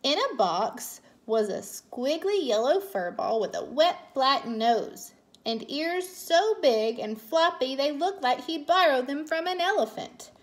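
A woman teacher reads a picture book aloud to children at bedtime. Her voice sits high and she takes her time, leaning into each line with lively expression. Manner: slow, expressive storytelling with character voices. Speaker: teacher reading a bedtime story.

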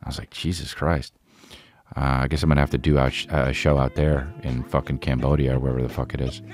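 A man's voice: very deep voice, level tone, fast, darkish tone, no room sound. A man in his forties hosting a podcast, telling stories in a rambling, profane way full of restarts. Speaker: podcast host. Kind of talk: casual storytelling monologue.

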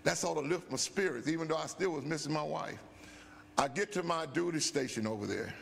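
An older man, a bishop, tells an animated story with a rough, gravelly edge and a somewhat high pitch. His talk is folksy and loose, full of asides. Long church-hall reverb trails after him. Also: fairly quick, a little hiss or hum. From USA. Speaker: bishop teaching Bible study. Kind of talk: storytelling sermon. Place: church sanctuary.

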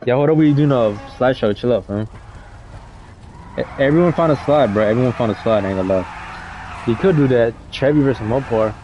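A man's voice: medium pitch, fairly quick, darkish tone, highs cut off, soft background music. A young man hosting a live game car meet, talking in loose slang and calling players in by name. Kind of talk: casual live-stream commentary.

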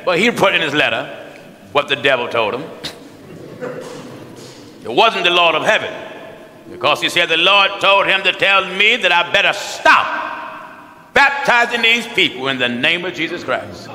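An American pastor preaching a sermon in a folksy, animated way, acting out the people he talks about. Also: on the high side, moderate pace, long pauses. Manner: animated, folksy, mimics people with shouts and laughs. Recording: echoey church hall, long reverb.

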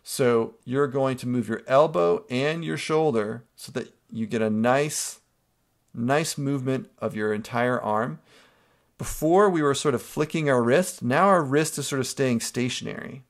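Gravelly-voiced man teaching a class. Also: medium pitch, a little slow. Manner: step-by-step instructing, checks in with a frequent "okay?". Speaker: art teacher. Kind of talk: screen-recorded drawing tutorial.

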